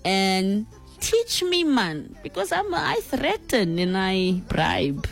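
A woman's voice: mid-range voice, sing-song, slow, creaky, soft background music. A woman in her thirties with a South African accent, hosting a call-in radio show and chatting playfully with her listeners. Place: radio studio. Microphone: studio microphone.

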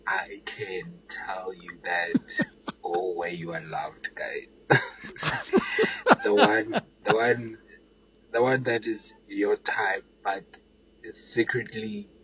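Man, phone voice note, very deep voice, unhurried, faint noise behind. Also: steady tone, a bit bright, low-quality recording. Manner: laid-back, laughing, drops to a whisper. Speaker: caller sending a voice note. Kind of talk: casual voice note.

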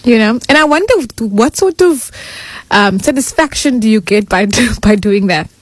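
A woman's voice: on the high side, lively intonation, normal speed, dry recording. A woman co-hosting a casual radio chat, asking questions and agreeing easily. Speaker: radio co-host.

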